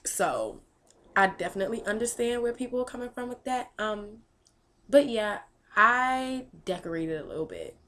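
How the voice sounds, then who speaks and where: A woman's voice: a little high, animated, moderate pace, a bit bright. Chatty woman vlogger with many ums. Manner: rambling, thinks aloud with many ums. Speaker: vlog host answering viewer questions. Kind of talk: casual chat.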